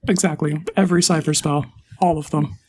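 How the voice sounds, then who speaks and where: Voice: medium pitch, fairly even intonation, a little fast, a little hiss or hum. Laid-back podcast guest who laughs often. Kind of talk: casual chat.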